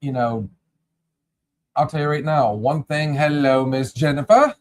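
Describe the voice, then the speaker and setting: A man's voice: on the high side, measured pace. A man hosting a casual podcast chat, rambling and repeating words as he addresses his listeners. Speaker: podcast host.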